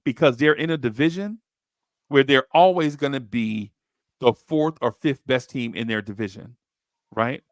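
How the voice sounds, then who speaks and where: A man hosting a basketball podcast, telling stories in slangy, excitable chat and jumping into high voices when he quotes people. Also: normal speed, no echo, clean studio sound. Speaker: podcast host. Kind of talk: animated storytelling chat.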